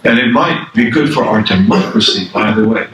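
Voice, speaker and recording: A man's voice: fairly low pitch, moderate pace, distant mic, background noise. An older man, an Islamic scholar, giving a conversational religious lecture, repeating phrases for emphasis and asking the audience questions. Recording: echoey room, speaker away from the mic.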